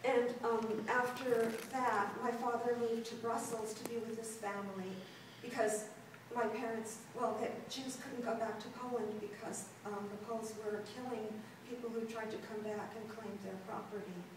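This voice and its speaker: A woman in her sixties from Los Angeles, a performance artist telling her life story to a gallery audience in a halting way, with frequent pauses and ums. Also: fairly high pitch, flat delivery, noisy background. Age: 60s. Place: gallery room before an audience. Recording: very echoey room, distant mic.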